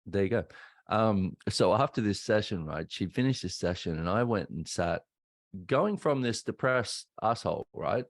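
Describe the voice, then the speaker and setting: Australian male podcast host, thirties, very deep voice, dry studio sound, open and conversational storytelling. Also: no echo. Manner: candid, conversational, acts out quoted voices. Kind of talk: reflective personal storytelling.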